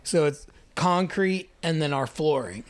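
A man's voice: a little high, animated, unhurried. A young man hosting a casual podcast chat, joking, laughing often and swearing casually. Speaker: podcast host.

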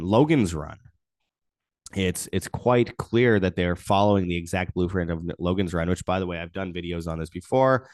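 A man's voice: on the low side, dry recording, studio quality. A young man hosting an independent news commentary show, reading articles aloud and adding indignant, sarcastic asides.

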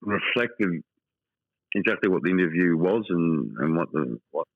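A man's voice: low-pitched, expressive, unhurried, vocal fry, no room sound, narrow, tinny audio. A middle-aged Australian man, a football writer guest, chatting bluntly in a casual interview and telling emotional stories with lots of repetition.

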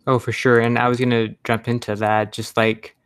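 A man's voice: medium pitch, little pitch movement, moderate pace, clean tone, no echo. A young man hosting a podcast, chatting casually and rambling with lots of "like". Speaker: podcast host. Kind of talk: casual chat.

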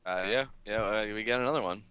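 A man's voice: on the low side, fast, sharp tone, clear, resonant tone, no room sound, muffled recording. A man co-hosting an improvised comedy podcast, talking casually with many fillers and restarts. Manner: casual, hesitant, filler-heavy. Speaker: show co-host.

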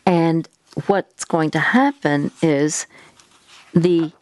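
A woman's voice: low-pitched, extremely slow, no room sound. A woman hosting an advice talk, patiently guiding a caller step by step. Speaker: host giving faith-based advice.

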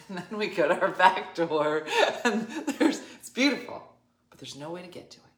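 A woman's voice: lowish voice, normal speed. A middle-aged woman hosting a casual chat, telling a funny story with frequent laughter and acted-out voices. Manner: animated, laughs often, acts out quoted people. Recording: roomy echo.

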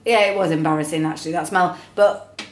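A woman's voice: low-pitched, fairly even intonation, fairly quick, roomy sound. A woman chatting casually about her dog, teasing her partner, laughing a lot and ending remarks with tag questions. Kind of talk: casual chat.

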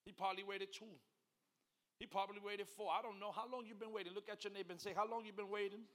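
A middle-aged man preaches a sermon in a church, with a very high voice and a bright, forceful edge. He works the congregation with call-and-response and moves between hushed asides and loud, shouted passages. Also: steady tone, quick pace. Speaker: pastor.

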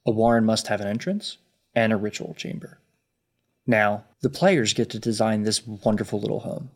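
A man narrating a tabletop game as its game master in a relaxed, chatty way. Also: lowish voice, normal speed.

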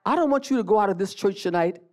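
Preacher with a lively, swinging pitch. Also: quick pace, noisy background. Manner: call-and-response, repeats phrases, bursts into shouts. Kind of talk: fiery church sermon.

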